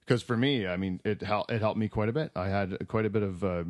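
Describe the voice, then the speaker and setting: A man's voice: on the low side, brisk, dry recording. Rambling laid-back man, dry close mic. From Canada. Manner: rambling, laughs often, many restarts and fillers. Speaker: podcast host. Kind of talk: casual chat.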